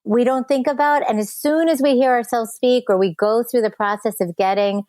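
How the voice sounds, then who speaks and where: A woman's voice: on the high side, moderate pace, darkish tone, no room sound. A woman guest on an interview podcast, earnestly explaining her work and laughing easily. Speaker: guest, speech app founder. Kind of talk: conversational interview.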